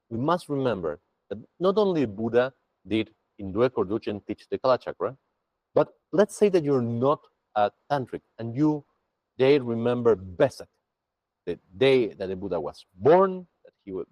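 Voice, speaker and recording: A man's voice: mid-range voice, dry recording, low-quality recording. A man teaching a Buddhist practice to a group over a video call, chatty and full of restarts. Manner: lively, chatty, with many restarts.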